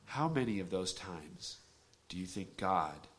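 A man preaching a sermon, dropping to a hushed near-whisper and then rising to loud, emphatic peaks. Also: sits low, animated, a little slow, breathy edge.

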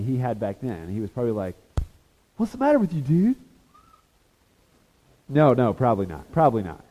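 A man teaching a Bible lesson as a sermon, animated and acting out the voices of people in the story. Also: medium pitch. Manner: animated, acts out voices of the disciples and Jesus. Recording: reverberant hall.

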